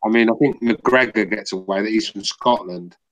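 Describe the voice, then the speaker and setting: A man's voice: on the low side, moderate pace, dry recording. A man from southern England with a southern English accent, hosting a podcast in casual chat, rambling with repeated words and swearing. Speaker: podcast host.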